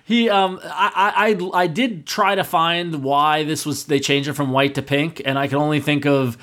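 Man, podcast host, higher-pitched voice, casual chatty delivery, laughs easily. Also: fairly even intonation, moderate pace, a bit bright. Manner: chatty, laughs easily, repeats movie lines.

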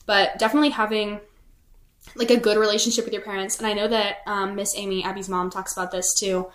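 A teenage girl chats casually as a podcast co-host, her mid-pitched voice ringing in an echoey room. She leans on "like" and "um" as she talks. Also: level tone, fast, fairly bright tone, slight background noise. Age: teens. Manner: chatty, heavy use of "like" and "um". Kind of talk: casual chat.

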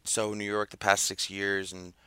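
A man, a musician guest on a podcast, talking casually in relaxed, short replies. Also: fairly low pitch, moderate pace, clean tone, no echo.

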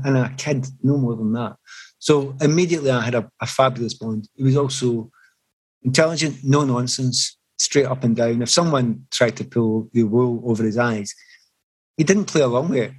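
A man's voice: mid-range voice, breathy edge, poor audio. A middle-aged man, a former footballer, telling reflective stories in an interview. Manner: reflective, animated anecdotes with restarts. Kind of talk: storytelling in an interview.

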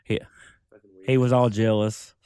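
A man's voice: on the low side, little pitch movement, measured pace, mellow. A man guesting on a podcast, talking bluntly and profanely with strong opinions in casual chat into a close mic.

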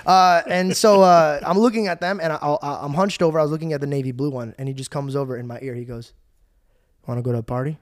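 A young man hosting a podcast, telling a story in an excitable, casual way, swearing freely and acting out the voices of the people he quotes. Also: a little high, fast talker, hardly any pauses. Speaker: podcast host.

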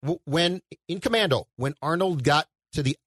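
A man's voice: a little high, normal speed, fairly bright tone, breathy edge, no room sound. A man co-hosting a podcast, picking apart a movie sarcastically with frequent stammered restarts. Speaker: podcast co-host. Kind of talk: casual movie review chat.

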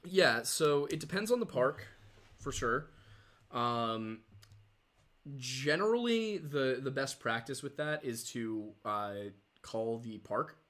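A man's voice: medium pitch, lively intonation, slow pace, a bit bright. A young man co-hosting a livestream podcast, chatting casually and explaining things at length with many fillers. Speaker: podcast co-host.

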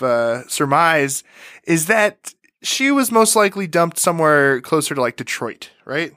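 A man with a fairly high voice, co-hosting a relaxed true-crime podcast. He talks loosely and profanely, with plenty of fillers and false starts. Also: no echo, studio quality. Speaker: podcast co-host.

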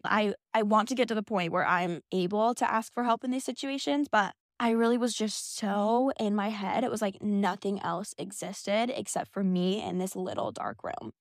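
A woman's voice: mid-range voice, no echo, clean studio sound. A young woman hosting a podcast, telling a personal story in a candid, emotional way, recorded in a small closet. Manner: candid and emotional, quick asides. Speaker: podcast host.

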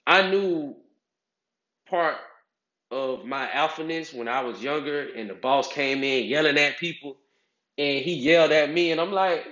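A man's voice: fairly high pitch, moderate pace, fairly bright tone. A man, giving casual advice and acting out other people's voices with big swings. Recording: echoey, slightly dull sound.

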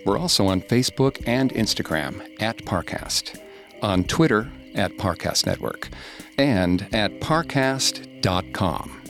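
A man, a podcast host, reading scripted horror narration in a slow, hushed, suspenseful way. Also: lowish voice, animated. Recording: studio narration over faint music.

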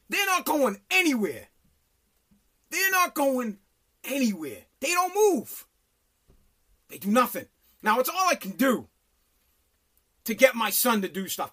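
A middle-aged man telling a blunt, profane story in a casual rant. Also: high-pitched. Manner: animated, profane, blunt storytelling with mock voices.

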